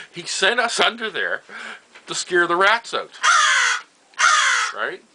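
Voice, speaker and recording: A man's voice: high-pitched, sing-song, very slow, background noise. An older man from Nova Scotia telling family stories in a casual way, chuckling often and repeating himself as he goes. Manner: laughs often, chuckling asides, trails off and repeats phrases. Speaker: storyteller. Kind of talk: casual personal storytelling.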